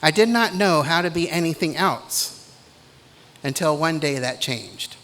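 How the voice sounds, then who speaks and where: A middle-aged man giving a commencement speech in a measured, deliberate way, with pauses between phrases. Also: a little high, animated, fairly bright tone. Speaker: commencement speaker.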